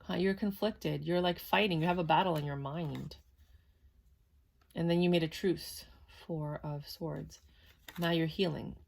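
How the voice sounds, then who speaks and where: A woman's voice: sits low, steady tone, unhurried, creaky. A woman giving a casual, chatty tarot reading to camera, talking in a matter-of-fact way with lots of fillers. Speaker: tarot reader.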